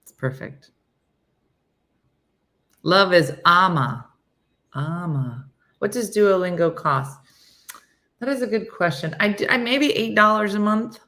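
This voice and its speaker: A woman's voice: mid-range voice, lively intonation, slow, long pauses, fairly bright tone. A woman in her sixties hosting a casual morning show, chatting and reading out viewer comments with self-mocking humor. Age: 60s. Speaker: show host.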